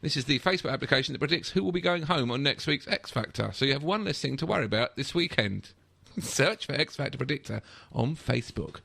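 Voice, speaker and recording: A man's voice: medium pitch, lively intonation, creaky, bright, forceful tone, slightly rough. A man hosting a football podcast, joking with his co-hosts and reading the show's plugs. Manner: jokey, quick with gags, reads the show plugs. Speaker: podcast host. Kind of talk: casual football chat.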